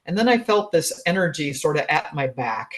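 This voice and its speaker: A woman in her sixties, a guest relationship expert, telling a personal story in a chatty, animated way, laughing often. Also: low-pitched, normal speed. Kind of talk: casual storytelling in an interview.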